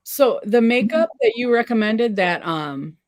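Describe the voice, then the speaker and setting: A woman chatting casually while face painting, agreeable and relaxed, often murmuring assent. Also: a little high, measured pace, no echo. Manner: relaxed, agreeable, many backchannels.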